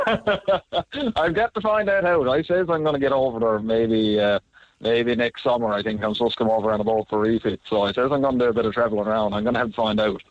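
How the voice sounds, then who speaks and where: A man's voice: medium pitch, brisk, narrow, tinny audio. A man with a southern Avalon Newfoundland accent chatting easily as a radio guest. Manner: easygoing, chatty. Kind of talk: casual interview chat.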